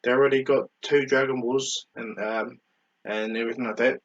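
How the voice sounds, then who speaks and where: Husky man rambling through a story. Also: medium pitch, steady tone, normal speed, dull audio. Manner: rambling, with many fillers and self-corrections. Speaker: fan storyteller. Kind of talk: casual retelling of a fan story.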